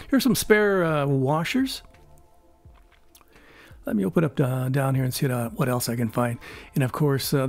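A man in his seventies from California, rambling through a casual unboxing review at home, pausing often on fillers and chuckling. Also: mid-range voice. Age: 70s. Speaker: YouTube product reviewer.

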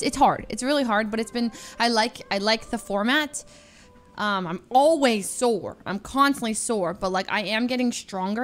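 A young adult woman streamer tells a story in a casual, animated way, laughing often and stretching out words for emphasis. Her voice is medium-pitched.

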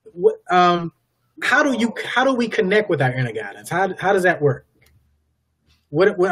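A man's voice: fairly high pitch, fairly bright tone. Affirming male interview host. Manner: affirming, many yeahs, repeats his questions. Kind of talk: casual interview talk.

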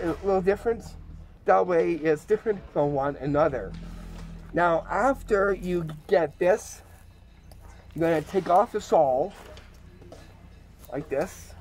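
A man's voice: sits high, a little mellow. A man hosting a casual magic trick tutorial, eager and showing each step as he goes. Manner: eager, repeats "like this" while demonstrating.

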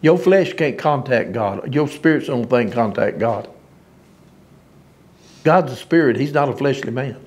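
A man's voice: medium pitch, animated, moderate pace, pauses often. A man preaching an informal sermon, folksy and emphatic, often laughing at his own lines.

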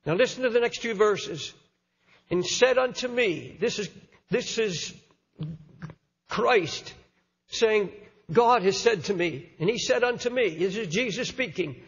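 High-voiced older preacher in an echoing hall. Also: male voice, expressive, slow pace, breathy edge. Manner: impassioned, repeats words as he preaches. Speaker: pastor. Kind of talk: sermon. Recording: lo-fi sermon recording in a hall.

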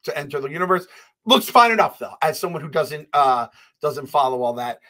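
A man hosting a casual podcast, giving offhand opinions and quick asides. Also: fairly high pitch, sharp tone. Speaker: podcast host.

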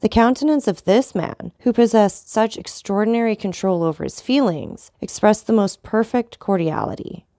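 A woman narrating a classic novel as an audiobook in a steady, expressive storytelling manner. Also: medium pitch, no room sound, clean studio sound. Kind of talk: scripted narration.

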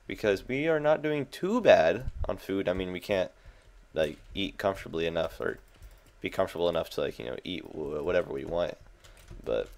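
With a deep, gravelly, somewhat dark voice, a young man hosts a gaming video at normal speed and with lively intonation. He's casual and self-amused, reacting with jumpy outbursts to the game over the clicking of his keyboard.

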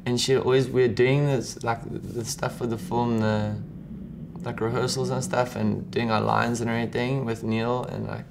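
A South African man rambles through a casual interview, peppering almost every phrase with "like" and swearing without a second thought. His pitch sits in the middle for a man, and faint noise hangs behind him. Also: level tone, normal speed, gravelly. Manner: rambling, profane, full of "like" fillers. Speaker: musician and actor, guest.

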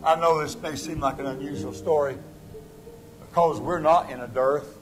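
Preacher guy in a church, kinda high voice, swings from loud hollering to soft pleading. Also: steady tone, normal speed, over music, poor audio. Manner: impassioned, rising to loud exhortation then dropping low. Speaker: pastor. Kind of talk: sermon. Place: church sanctuary.

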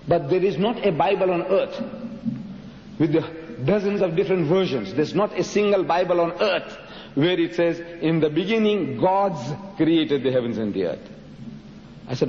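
A man from Africa, giving an emphatic public religious lecture full of rhetorical questions and dramatic pitch swings. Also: a little mellow, a little hiss or hum. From South Africa. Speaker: Muslim lecturer. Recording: dull lo-fi hall recording, echoey.

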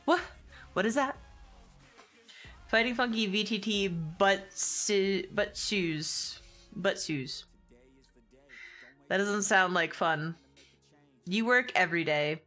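Chatty woman streamer, bright voice. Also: mid-range voice, takes it slowly, pauses often, faint music behind. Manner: chatty, swearing, laughing often, reads chat aloud. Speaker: gaming streamer. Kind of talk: casual stream chat with viewers.

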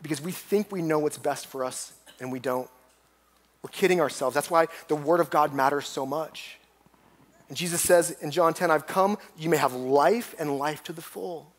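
A man preaching a sermon, his speaking voice pitched somewhat high for a man. He talks in an earnest, storytelling way and builds up emphatically whenever he reaches a point. He sounds middle-aged and pastoral. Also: moderate pace. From United States.

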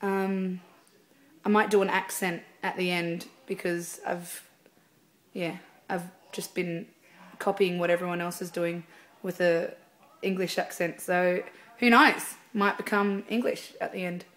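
A woman's voice: lowish voice, steady tone, unhurried, a bit bright. A woman, a singer, chatting casually in a video blog from a theatre dressing room, rambling with lots of fillers. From Australia.

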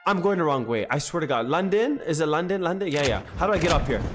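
A young man streaming a video game, chatting in a rambling, excitable way with heavy slang. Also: fairly high pitch, fast, over music. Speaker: gaming streamer. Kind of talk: casual live-stream commentary. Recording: noisy stream with game sounds.

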